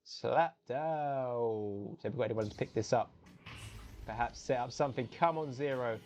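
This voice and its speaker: Young man, solo game caster, mid-pitched, excitable, spikes on big plays. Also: quick pace, highs cut off, slight background noise. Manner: excitable, jumps to loud high exclamations on big plays; chatty and self-correcting between plays. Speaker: esports caster. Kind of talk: solo live game commentary.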